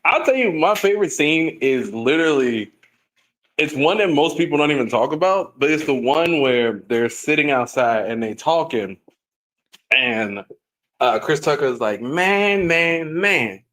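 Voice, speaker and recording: A man in a casual chat, rambling and animated, laughing as he talks. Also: mid-range voice, normal speed, low-quality recording. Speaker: co-host.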